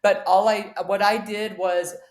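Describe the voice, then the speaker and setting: A woman's voice: mid-range voice, level tone, measured pace. A woman in her forties, a podcast guest, telling a personal story with earnest emotion and acted-out dialogue. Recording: echoey room.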